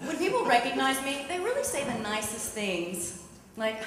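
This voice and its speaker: A woman in her thirties who used to anchor TV news performs stand-up on a club stage, her high voice carrying lively intonation at a moderate pace as she lands wry, self-mocking punchlines. The live audience fills the echoey hall with loud background noise.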